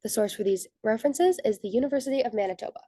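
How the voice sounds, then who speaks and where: A woman's voice: fairly high pitch, rapid-fire, warm tone, no room sound. A young woman, a student, giving a methodical scripted slide presentation for a class. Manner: methodical, reads from prepared notes.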